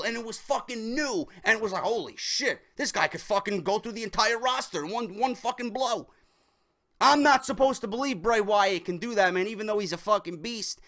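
A man's voice: high-pitched, moderate pace, a bit bright. A man giving an angry, swearing rant as a wrestling show reviewer. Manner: furious, swearing, repetitive rant.

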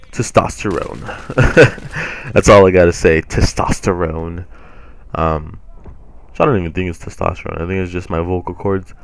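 A man's voice: low-pitched, clear, resonant tone. A young man hosting a gaming channel, rambling in casual chat with lots of restarts and fillers, his voice groggy from just waking up. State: groggy morning voice.

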